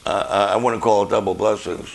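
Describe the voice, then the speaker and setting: An older man preaching a sermon as a pastor, passionate and loud, firing off rhetorical questions. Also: on the low side, steady tone, a little fast, gravelly.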